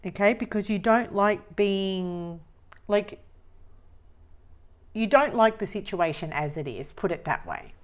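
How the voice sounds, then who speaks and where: A woman giving a tarot reading, musing slowly and repeating phrases as she reads the cards. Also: mid-range voice, animated. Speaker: tarot reader.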